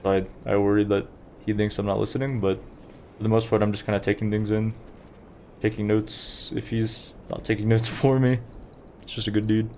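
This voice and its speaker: Low-voiced young man streaming a game. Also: little pitch movement, moderate pace, a little mellow, slight background noise. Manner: chatty, rambling, talks to chat while playing. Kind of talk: casual gameplay commentary.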